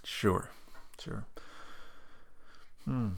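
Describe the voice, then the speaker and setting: A man's voice: fairly low pitch, moderate pace, gravelly. A man who is a guest on an interview, earnestly telling a personal faith story and praying aloud in a conversational way. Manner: earnest, conversational, with frequent "like" fillers.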